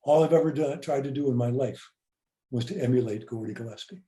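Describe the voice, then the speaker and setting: A man's voice: medium pitch, brisk, warm tone, roomy sound. An older man hosting a podcast, reflecting earnestly and often repeating words as he speaks. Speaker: podcast host. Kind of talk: reflective interview talk.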